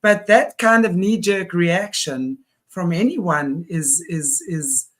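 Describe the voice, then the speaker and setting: A woman hosting an interview, talking through her thoughts in a reflective, measured way. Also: lowish voice, lively intonation. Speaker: host. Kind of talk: conversational interview.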